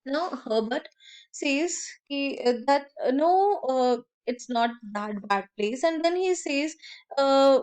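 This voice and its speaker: High-voiced woman explaining a story. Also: takes it slowly, darkish tone, clear, resonant tone. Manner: reads quoted lines then paraphrases them, many fillers. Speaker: literature teacher.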